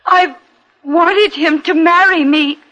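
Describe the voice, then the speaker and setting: An actress playing a hateful, unstable woman in a 1950s radio drama, halting one moment and gloating the next. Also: extremely high pitch, sharp tone, heavily acted, poor audio. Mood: dazed. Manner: halting, then gloating and menacing. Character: unhinged, hate-filled younger sister with a knife.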